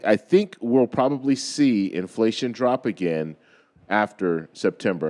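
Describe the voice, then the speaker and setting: A low-voiced man hosts a finance channel and talks casually straight to his viewers. His voice is going, so it sounds a little worn. He repeats himself and keeps checking in with "okay?". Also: darkish tone. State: losing his voice. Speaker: host of a finance video channel. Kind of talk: casual explainer talk to camera.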